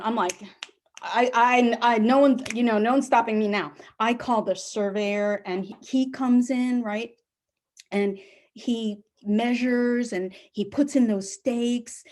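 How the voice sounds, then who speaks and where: A middle-aged woman telling a personal story on a live stage, animated and acting out the people she quotes. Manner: animated, acts out quoted voices with big pitch jumps.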